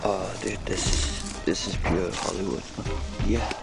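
A man's voice: low-pitched, steady tone, slow, vocal fry, loud music behind the voice. A man filming in a cold outdoor field, rambling and joking in loose commentary to the camera, breaking into chanted mantras. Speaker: vlogger filming animals.

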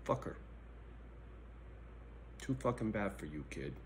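A middle-aged man vlogging in a blunt, profane personal monologue that swings between angry ranting and quiet reflection. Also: on the low side, sing-song, takes it slowly, a little hiss or hum.

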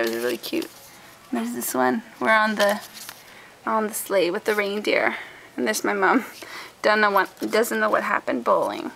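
Young woman, home craft vlogger, bright lively voice with some fry, unhurried and chatty, faint hiss in the background. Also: medium pitch, rough recording. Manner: soft, chatty, trails off and restarts. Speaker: scrapbooking vlogger. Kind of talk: casual show-and-tell.

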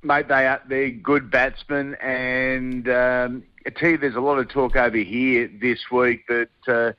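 A man's voice: mid-range voice, flat delivery, unhurried, smooth, no room sound, lo-fi sound. An Australian man, a guest sports broadcaster, in casual radio chat, blunt and colloquial. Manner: blunt, colloquial, says mate a lot.

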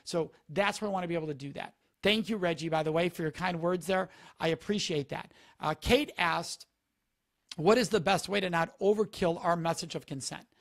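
Man with a high voice, emphatic and instructive, live-stream advice talk, repeats key points. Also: normal speed. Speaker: speaker on preventing sexual assault, talking to a live audience.

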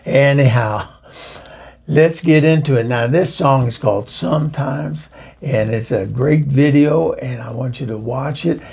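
Unhurried and gravelly, with a darkish tone and a breathy edge, a man's mid-range voice brings to life a chatty, bawdy middle-aged hostess. She introduces a music video while rambling through gossipy tales and chuckling, as a comedic character piece.

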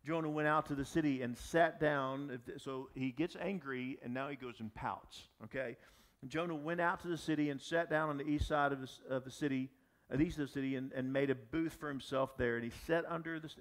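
A man preaching a sermon as pastor, talking animatedly with frequent restarts and asides to the audience. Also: a little high. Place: church or gathering space for young adults.

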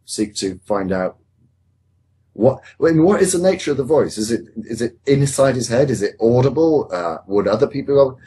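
A male host of a panel show who asks questions in a measured, inquisitive way, stammering a little as he starts. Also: mid-range voice, animated, dark tone, a little hiss or hum. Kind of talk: casual panel chat.

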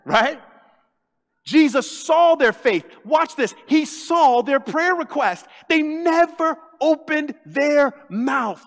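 A man, the lead pastor, preaching a sermon with animated delivery, acting out quoted voices and joking with the congregation. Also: extremely high pitch, slow, big-room sound. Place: church sanctuary.

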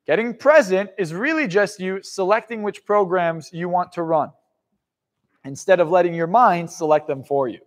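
High-pitched male motivational speaker, profane, loud-to-quiet swings, live seminar. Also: moderate pace.

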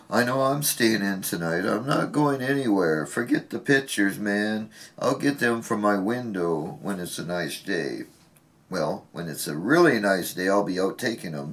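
Male cooking-vlog host, lower register, very lively intonation, playful and teasing, home kitchen. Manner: playful, teasing asides to the viewer. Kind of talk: casual cooking vlog, chatting to viewers.

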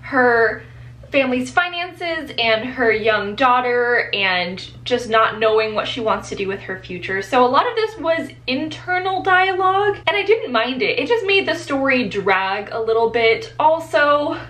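A woman vlogging about books in a chatty, excitable way, filming at home. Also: sits high, a little slow. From Florida, USA. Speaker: book vlogger. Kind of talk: casual vlog chat. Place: home, partly outdoors.

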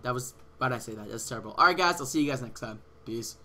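Excitable young man yelling over gameplay. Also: medium pitch, fast talker. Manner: excitable, swearing, sudden yells at other players. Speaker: gaming channel host. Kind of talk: casual live gameplay commentary.

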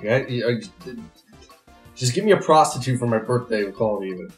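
A man co-hosting a let's play, bantering crudely and yelling when the game goes wrong. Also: mid-range voice, expressive, brisk, echoey room, soft background music. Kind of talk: crude casual banter while gaming.

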